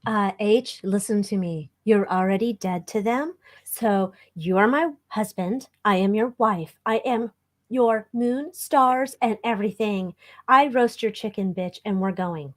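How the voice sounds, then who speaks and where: A woman's voice: medium pitch, a little slow, natural voice. A woman playing a brash, bossy wife with a sassy, theatrical delivery.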